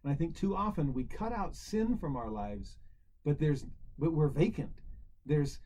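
A man's voice: a little high, animated, a little slow, mellow, a little hiss or hum, poor audio. A man teaching a scripture lesson in a conversational way, asking rhetorical questions and often restarting his sentences. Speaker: religious teacher.

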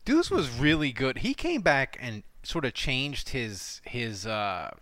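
Animated man laughing through a game rewatch. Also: mid-range voice, slow, background noise. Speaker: podcast co-host. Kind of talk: casual sports rewatch chat. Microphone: breathy, close to the mic.

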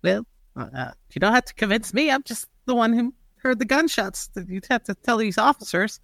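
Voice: mid-range voice, expressive, brisk, vocal fry, fairly bright tone, no echo, clean studio sound. A tabletop player who stammers and argues stubbornly in character. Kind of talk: casual tabletop play, partly in character.

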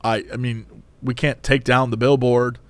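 A man voicing a nervous young male fast-food worker who answers hesitantly and apologetically. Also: medium pitch, flat delivery, no room sound, pitched below the performer's own voice, close to an everyday voice. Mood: sheepish.

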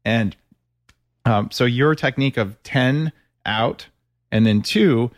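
A man's voice: medium pitch, no echo, clean studio sound. A man hosting a podcast, chatting enthusiastically with his guest in a casual interview. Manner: enthusiastic, chatty, quickens when animated. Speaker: podcast host.

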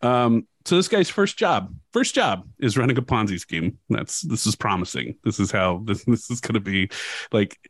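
Brief: male podcast host, frank and conversational, low-pitched, dry mic. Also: lively intonation, normal speed, no room sound. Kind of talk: casual chat.

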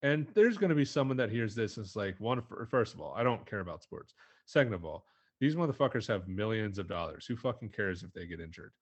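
A man's voice: lowish voice, animated, brisk, husky. A young man co-hosting a podcast, delivering a heated, profane comedic rant with a mocking edge. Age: young adult. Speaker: podcast co-host.

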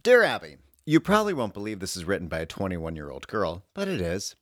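A podcast co-host trading dry quips and quick agreements, and reading an old advice letter aloud. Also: low-pitched, huge pitch swings, dry recording.

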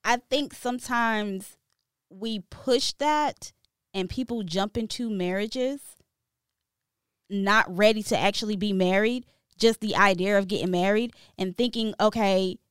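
A woman in a casual discussion who listens with steady affirmations and gently pushes back with her own view. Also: mid-range voice, unhurried, smooth, no echo, studio quality.

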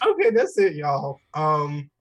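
A man co-hosting a podcast, talking in a loose, candid way full of jokes and slang. His voice sits a little high for a man, and he keeps it casual and chatty. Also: wildly swooping pitch, slow, a crowd in the background, poor audio. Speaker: podcast co-host. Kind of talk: casual chat.

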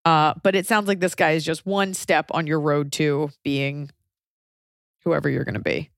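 Young woman on a podcast, lowish voice, blunt and sweary, asks question after question, dry close sound. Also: steady tone, normal speed, creaky, dry recording. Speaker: podcast co-host, comedian. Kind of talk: casual advice chat.

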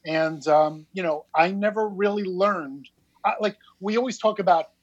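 High-voiced New Jersey man in his fifties. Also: moderate pace, dry recording, dull audio. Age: 50s. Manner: candid, self-deprecating, laughs often. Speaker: podcast guest. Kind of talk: casual storytelling.

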